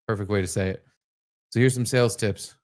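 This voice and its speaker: A man's voice: lowish voice, a little fast, a little mellow. A man co-hosting a comedy podcast in casual chat, joking crudely and rambling. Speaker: podcast co-host.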